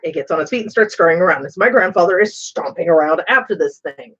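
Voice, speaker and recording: Animated woman spinning a casual story. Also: fairly low pitch, fast, husky, muffled recording. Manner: animated, expressive storyteller who swears casually. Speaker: streamer host. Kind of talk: casual storytelling while painting.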